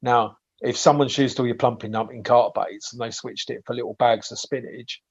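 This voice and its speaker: A man from England chats as a podcast guest, spinning blunt, sweary stories with plenty of false starts. His voice sits at an ordinary middle pitch, and the sound is slightly dull and lo-fi. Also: fairly even intonation, a little fast, husky. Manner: chatty storyteller, frequent swearing and restarts. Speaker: podcast guest, bait maker. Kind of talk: casual podcast chat.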